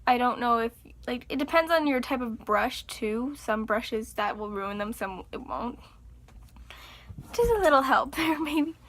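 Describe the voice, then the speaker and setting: Bright, high-voiced young woman vlogger. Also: measured pace. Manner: chatty and animated, acts out exasperated reactions. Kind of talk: casual chat to camera.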